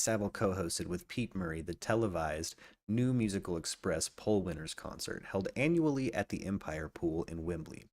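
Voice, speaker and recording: A man hosting a live true crime podcast stream, reading facts aloud and breaking off to chat casually with viewers. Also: sits low. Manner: reads facts aloud then riffs casually, greets chat viewers, many restarts. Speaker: podcast host.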